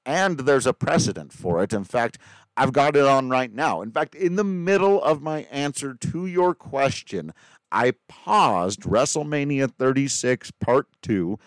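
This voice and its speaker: A man's voice: medium pitch, animated, a little slow, dry recording. A man hosting a podcast in a casual, joking, self-deprecating way, reading listener emails and an ad. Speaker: podcast host. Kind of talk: casual podcast chat with ad read.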